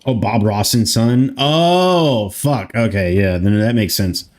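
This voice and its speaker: Taking things slowly in a fairly low, darkish voice, this American man in his thirties chats loosely with stream viewers during gameplay. He rambles, replies to chat, and swears casually.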